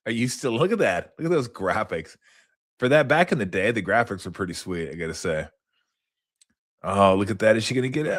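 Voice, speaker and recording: A man hosting a sports talk show in casual chat, rambling and profane, wandering into tangents with loud bursts. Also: on the low side, expressive, a little slow, long pauses.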